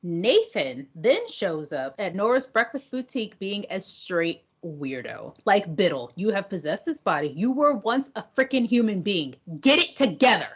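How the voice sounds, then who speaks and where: Woman co-host, husky, animated, blunt slangy recaps, dull lo-fi sound. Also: medium pitch, moderate pace, few pauses. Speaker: podcast co-host. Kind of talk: casual review chat.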